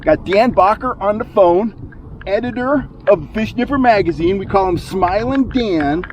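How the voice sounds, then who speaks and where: A middle-aged man hosting a fishing vlog from a boat on a lake, talking through his gear and getting loudly excited when fish bite. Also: high-pitched, a little slow, poor audio. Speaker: fishing channel host. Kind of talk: outdoor fishing vlog narration.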